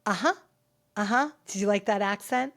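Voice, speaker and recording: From a home filming set, a woman hosts a pop culture podcast in a medium-pitched, slightly bright voice at a moderate pace. She chats candidly and rambles through her thoughts, restarting often.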